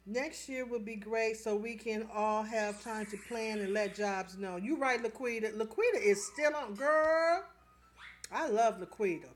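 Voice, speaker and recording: A woman's voice: fairly high pitch, unhurried, faint music behind. A middle-aged woman, chatting casually on a livestream, reading viewer comments aloud and often laughing as she talks straight to her viewers. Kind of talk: casual live chat.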